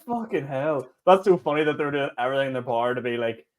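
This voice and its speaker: A man's voice: medium pitch, animated. Teasing man chiming in. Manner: teasing, quick interjections, laughs a lot. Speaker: podcast co-host, comedian. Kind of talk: casual chat.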